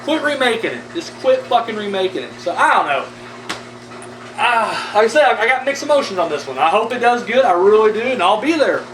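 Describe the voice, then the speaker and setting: A man's voice: high voice, very animated, brisk. A man giving casual, rambling horror movie news commentary, blunt and full of profanity. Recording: echoey room, mic at a distance, faint background noise.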